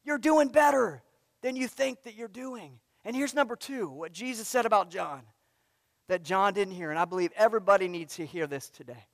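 High-voiced pastor preaching in a hall. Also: male voice, animated, normal speed, gravelly, clean studio sound. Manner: emphatic, repeating a refrain. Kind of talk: sermon. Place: church sanctuary.

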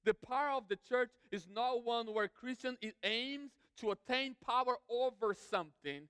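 A man's voice: very high-pitched, normal speed, fairly bright tone, clear, resonant tone, dry recording, big-room sound. A man preaching a sermon as pastor, emphatic, building lists and repeating his phrases.

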